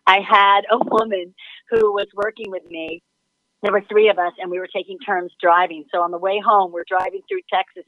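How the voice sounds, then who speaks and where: A woman chatting on a radio show about a sailing race, telling animated stories and laughing often. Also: medium pitch, dry recording, narrow, tinny audio. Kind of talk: casual radio chat.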